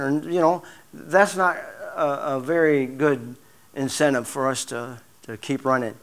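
A man preaching a sermon, halting often with repeated words and fillers, sometimes dropping to a hushed murmur. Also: mid-range voice, fairly even intonation. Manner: drops to a hushed murmur in prayer.

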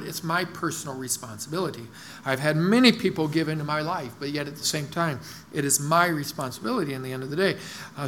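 A man's voice: fairly high pitch, sharp tone. A middle-aged male pastor giving a conversational sermon in church, with many fillers and restarts.

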